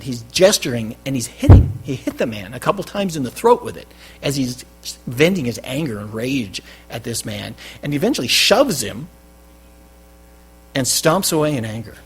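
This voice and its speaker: A man preaching a sermon as pastor, with loud stressed phrases that drop to quiet endings. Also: medium pitch, very animated, normal speed, husky. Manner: emphatic, swinging between loud stresses and quiet drops. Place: church.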